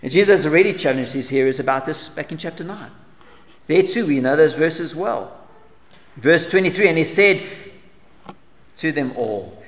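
A man preaching a sermon earnestly, asking rhetorical questions and dropping to soft asides. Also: on the high side, animated, normal speed, pauses often, long reverb tail. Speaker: pastor.

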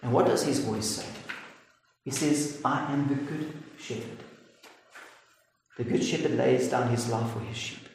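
A man preaching a sermon in an earnest, emphatic way, slowing down to stress key words. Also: medium pitch, vocal fry, darkish tone. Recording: echoey hall with faint noise.

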